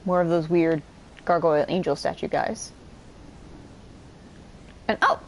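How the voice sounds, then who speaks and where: A woman giving casual, chatty let's-play commentary while she plays, excitable and quick to swear. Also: on the low side, a little hiss or hum. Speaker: gameplay streamer.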